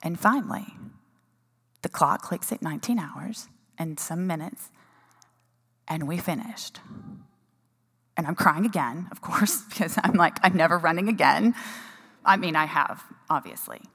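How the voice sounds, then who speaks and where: A woman's voice: sits low, animated, measured pace, long pauses, a bit bright, breathy edge. A woman telling a personal story to a gathering in a chatty, emotional way, with many restarts. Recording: long hall reverb.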